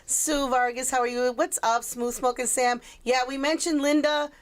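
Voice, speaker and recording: A woman's voice: high-pitched, steady tone, moderate pace. A woman co-hosting a casual podcast, chatting with a guest and greeting viewers by name, with frequent fillers. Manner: friendly, chatty, hesitant with fillers. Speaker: podcast co-host.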